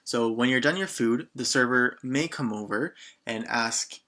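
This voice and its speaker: A man's voice: mid-range voice, a little slow, bright, forceful tone, a little hiss or hum. A man from Canada teaching a beginner lesson in a casual way, asking learners questions and often saying um. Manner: patient, prompts learners with questions, frequent ums. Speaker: French teacher.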